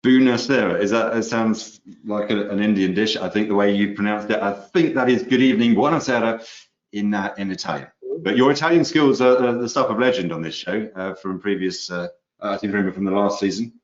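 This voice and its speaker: Brief: British male co-host, low and measured, roomy and muffled recording. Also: steady tone. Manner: measured, explanatory. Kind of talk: explaining news items. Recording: echoey dull room sound.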